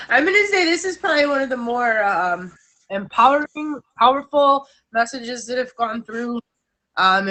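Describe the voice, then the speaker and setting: A woman's voice: mid-range voice, pushed and bright, poor audio. A candid woman in her thirties hosting a live-stream talk show, laughing often as she speaks. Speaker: host.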